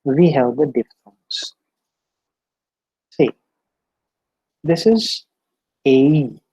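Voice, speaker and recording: Guy teaching pronunciation, slow and careful, husky gravelly voice, dry close sound. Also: medium pitch, animated, warm tone, dry recording, low-quality recording. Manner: slow, deliberate, repeats example words aloud. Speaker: English phonetics lecturer. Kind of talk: classroom lecture on pronunciation.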